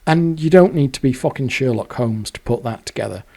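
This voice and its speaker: A man's voice: medium pitch, lively intonation, brisk, vocal fry, dark tone. A man, telling a rambling, sweary personal story. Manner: rambling, sweary, self-deprecating. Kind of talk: casual storytelling monologue.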